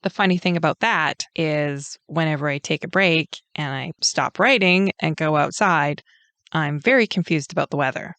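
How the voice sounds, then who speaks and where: A woman's voice: deep voice, moderate pace, fairly bright tone, dry recording. A woman author with a Canadian accent reading her own author's note with friendly, self-deprecating humor. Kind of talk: author's note, read aloud.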